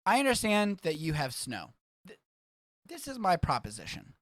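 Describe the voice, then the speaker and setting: A man from Texas hosting a casual livestreamed podcast, rambling and excitable, swearing freely as he talks. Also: sits high, normal speed, dry recording, studio quality. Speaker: podcast host.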